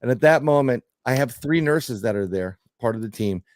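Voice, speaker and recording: A middle-aged man telling a story in casual podcast chat, animated and joking, with some swearing. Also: medium pitch, moderate pace, dry recording, studio quality. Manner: animated storyteller, swearing, laughing through jokes. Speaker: podcast guest.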